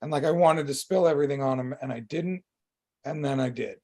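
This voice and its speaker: A man co-hosting a podcast, talking openly and emotionally in casual chat, swearing freely and filling pauses with "um" and "like.". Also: mid-range voice, a little mellow. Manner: open and emotional, swears freely, many fillers. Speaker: podcast co-host.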